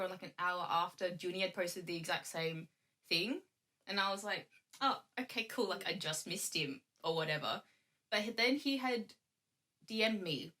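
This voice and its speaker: A woman's voice: mid-range voice, pushed and bright. A young woman telling a story in a casual chat, laughing often and acting out what people said. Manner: chatty, laughs often, acts out quoted lines. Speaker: guest.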